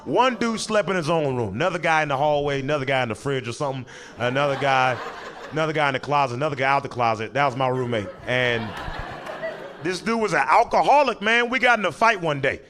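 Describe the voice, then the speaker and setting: A man doing stand-up, telling a long story and acting out the people in it with quick voice changes. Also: fairly high pitch, background noise. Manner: animated, acts out characters in quick voices, breaks into laughter. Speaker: stand-up comedian.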